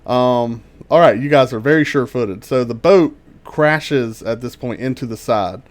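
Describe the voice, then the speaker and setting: Halting man running a tabletop game. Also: mid-range voice. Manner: halting, full of ums and restarts. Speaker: game master.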